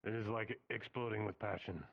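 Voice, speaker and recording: A man with a very deep, gravelly voice in a tabletop role-play. His tone is bright and pressed, his phrasing formal and measured. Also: steady tone, no echo, muffled recording. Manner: formal, measured in-character talk.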